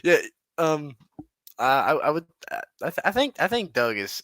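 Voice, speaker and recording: A man's voice: on the high side, very animated, moderate pace, a bit bright, no echo. A man co-hosting a podcast, trading crude jokes in casual banter and laughing often. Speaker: podcast co-host.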